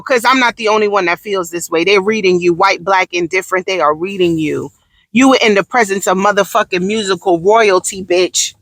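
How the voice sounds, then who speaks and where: A woman giving a loud, theatrical, profane comedic rant, indignant and often yelling. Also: fairly high pitch, dry recording. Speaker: vlogger.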